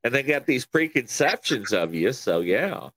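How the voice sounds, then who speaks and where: Man, Kentucky country accent, podcast host, animated storyteller, lively pitch swings. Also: moderate pace, dry recording. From Kentucky, USA. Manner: animated storyteller, chuckles often. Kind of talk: casual interview chat.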